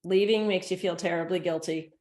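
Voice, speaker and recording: Brisk and steady in tone, a middle-aged woman with a fairly low voice presents to caregivers on a recording, where the sound is roomy. A dementia care consultant and presenter, she speaks in a conversational, earnest way and acts out gentle quoted lines.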